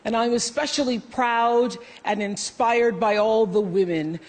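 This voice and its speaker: Woman giving an award speech, slow and earnest, big hall echo behind her. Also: on the high side. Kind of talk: formal award acceptance speech.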